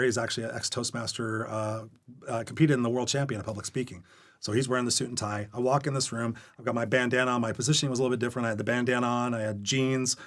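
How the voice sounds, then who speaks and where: A man being interviewed as a guest coach on a podcast, telling candid stories with energy and acting out the dialogue. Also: mid-range voice. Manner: energetic, candid storyteller who acts out quoted dialogue. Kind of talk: storytelling interview chat. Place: podcast recording.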